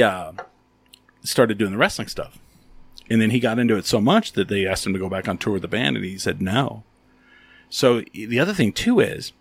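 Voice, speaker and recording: A man's voice: fairly low pitch, dry recording. A man co-hosting a casual chat, telling a story with lots of swearing and acted-out quotes. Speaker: podcast co-host.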